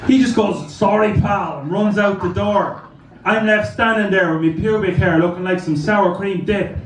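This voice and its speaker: High-voiced crude male stand-up comic. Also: steady tone, normal speed, echoey room, far from the mic, background noise. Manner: crude, rambling anecdotal delivery. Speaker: stand-up comedian. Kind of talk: stand-up comedy set. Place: live comedy club.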